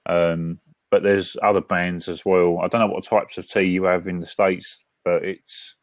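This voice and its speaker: A man with a British accent hosting a casual live-stream chat from his front room, talking in a halting way with restarts and fillers. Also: deep voice, little pitch movement, dry recording. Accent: British English. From Britain. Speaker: host.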